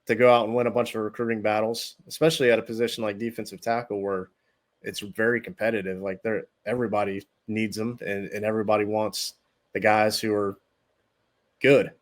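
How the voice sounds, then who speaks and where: A man's voice: lowish voice, level tone, fairly quick. A man speaking as a guest recruiting analyst on a sports radio show, hesitant, with many ums and repeated words. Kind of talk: casual sports radio interview.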